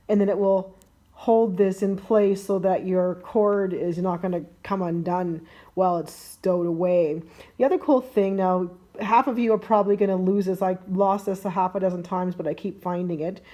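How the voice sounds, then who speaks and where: A woman's voice: mid-range voice, mellow. A woman vlogger casually talking through a hands-on gadget demo at home, chatty and rambling, often correcting herself as she explains each step. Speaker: tech vlogger. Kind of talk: casual how-to unboxing demo. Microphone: handheld camera mic.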